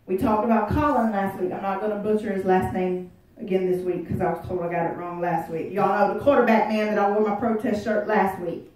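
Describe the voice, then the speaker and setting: A woman's voice: medium pitch, level tone, fairly quick, a little mellow. A woman pastor preaching a sermon in a church, folksy and conversational, joking with the congregation. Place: church sanctuary. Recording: echoey room, voice heard from a distance.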